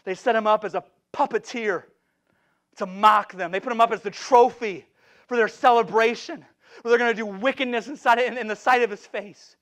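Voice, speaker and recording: A middle-aged man preaching an impassioned revival sermon in a church, swinging from shouts down to hushed, repeated phrases. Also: high-pitched, moderate pace. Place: church sanctuary.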